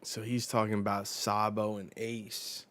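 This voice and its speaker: Low-voiced, slow-talking man swearing excitedly. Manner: profane, excitable outbursts. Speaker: host reacting to a manga chapter. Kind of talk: casual live reaction, reading aloud.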